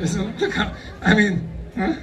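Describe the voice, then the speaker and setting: A man's voice: sits high, animated, unhurried, fairly bright tone. German man rambling playfully from afar. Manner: joking, rambling, playful asides. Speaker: conference speaker. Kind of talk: casual live talk to an audience. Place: convention hall, live audience. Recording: distant mic with faint noise.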